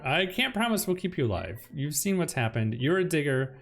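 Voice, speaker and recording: A man hosting a game let's play, chatting casually as he plans his base and reacts with loud alarm when things go wrong. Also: medium pitch, brisk, vocal fry, few pauses. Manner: chatty, swings between calm planning and loud alarm. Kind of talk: casual gameplay commentary. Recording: music playing behind the voice.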